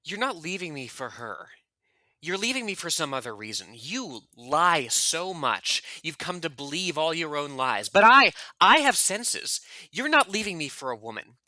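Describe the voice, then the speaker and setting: A man's voice: fairly high pitch, big pitch swings, moderate pace, sharp tone, no room sound, exaggerated voice. A man reading aloud the part of a wounded young Italian man, accusing his lover in an impassioned, bitter way.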